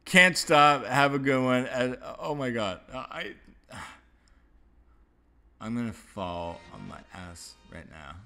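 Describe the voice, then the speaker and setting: A man's voice: medium pitch, fairly bright tone, soft background music. A man hosting a casual livestream chat, rambling, swearing a lot and laughing often. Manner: profane, rambling, quick to laugh. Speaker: livestream host.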